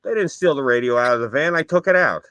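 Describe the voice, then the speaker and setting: A man's voice: mid-range voice, lively intonation, fast, a bit bright, lightly acted. A man putting on the voice of his stern, old-school older father, blunt and dismissive. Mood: grumbling.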